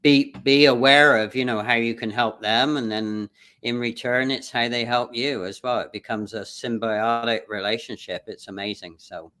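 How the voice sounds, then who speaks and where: Male interview host, smooth clear voice, chatty and encouraging. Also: medium pitch, steady tone, moderate pace, bright, forceful tone. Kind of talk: casual interview chat.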